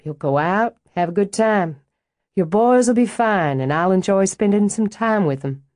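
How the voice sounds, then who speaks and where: A woman voicing a calm, self-assured older woman who owns the estate, speaking with quiet amusement. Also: medium pitch, measured pace, no room sound, clean studio sound, voice pushed up, close to an everyday voice. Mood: amused.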